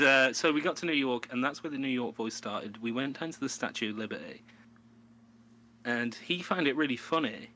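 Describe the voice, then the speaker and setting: A podcast co-host chats casually and ramblingly, laughing often and putting on a mock New York voice. He has a mid-range, bright voice with a forceful tone.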